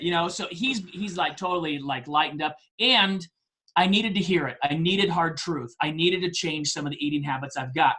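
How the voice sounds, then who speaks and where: Speaking at a moderate pace in a slightly high voice, this man in his forties appears as a podcast guest. He spins his story in a relaxed, animated style, laughing frequently and making fun of himself.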